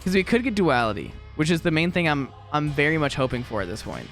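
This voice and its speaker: A young man talks through a game in a loose, rambling way, his pitch sitting a little high and bouncing all over. He laughs often and pokes fun at himself between remarks, with faint game music running underneath. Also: very animated, fast, fairly bright tone. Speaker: gaming video creator and teacher. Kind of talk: casual gameplay commentary.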